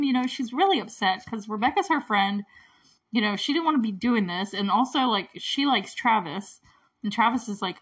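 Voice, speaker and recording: A woman's voice: on the high side, lively intonation, normal speed, fairly bright tone. A woman casually recapping a movie, chatty and indignant, with lots of "like". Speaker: movie reviewer.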